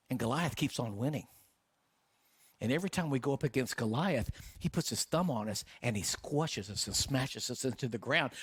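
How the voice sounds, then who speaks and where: Impassioned middle-aged pastor preaching. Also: male voice, medium pitch, slightly rough, no echo. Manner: impassioned, rhetorical questions, voices doubts. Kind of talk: sermon.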